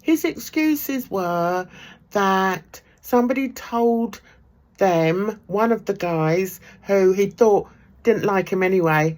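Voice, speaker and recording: A woman's voice: mid-range voice, slow, darkish tone. A middle-aged woman vlogging from her home art room, chatting casually to camera, laughing often and trailing off with ums. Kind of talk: casual gossipy chat to camera.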